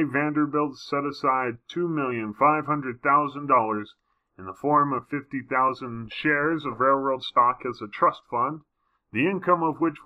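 A man's voice: mid-range voice, narrow, tinny audio. A man reading a history book aloud, breaking off for wry, casual comments. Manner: wry asides between passages.

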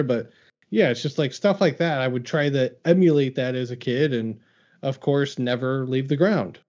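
A man's voice: mid-range voice, normal speed, a little mellow. A man hosting a podcast in casual chat, upbeat and laughing often, with many filler words. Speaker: podcast host. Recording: dull lo-fi sound.

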